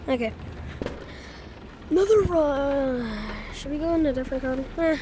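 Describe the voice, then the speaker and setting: High-voiced woman chatting over loud game noise. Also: normal speed, long pauses. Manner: chatty, talks to viewers, flips between mumbling and excited exclamations. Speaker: gamer. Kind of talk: casual gameplay commentary.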